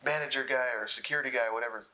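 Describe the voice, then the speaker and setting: A young man telling stories in a casual interview, laughing often and getting excited. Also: mid-range voice, very fast, a little hiss or hum, low-quality recording. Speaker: interview guest. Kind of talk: casual storytelling.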